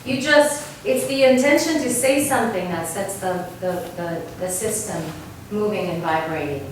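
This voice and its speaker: A woman vocal coach from Argentina leads a singing workshop, teaching in a lively way and often checking in with "right?". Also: mid-range voice, normal speed, a little hiss or hum. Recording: distant mic in a very echoey room.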